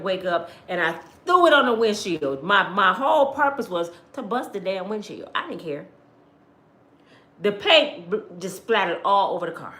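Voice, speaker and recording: A woman from Michigan who hosts a livestream and tells her own stories to viewers in a blunt, animated, outspoken way. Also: a little high, reverberant. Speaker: livestream host. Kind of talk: casual storytelling to viewers.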